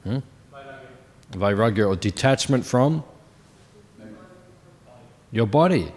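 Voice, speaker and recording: A man in his fifties, speaking at a moderate pace in a low, creaky, slightly mellow voice, gives a scripture class at a temple. He keeps it conversational and asks the audience questions, with long hall reverb in the recording.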